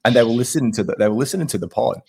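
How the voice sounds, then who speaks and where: A young adult man co-hosting a podcast in casual chat, telling stories in a chatty, animated way. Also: mid-range voice, racing, vocal fry, husky. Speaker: podcast co-host.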